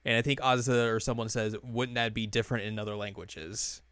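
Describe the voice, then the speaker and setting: A man's voice: mid-range voice, fairly even intonation, a little fast, a bit bright, clean tone, no room sound. A young man co-hosting a podcast, casually recapping an anime episode with lots of fillers and chuckles. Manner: rambling, many fillers, laughs while retelling scenes.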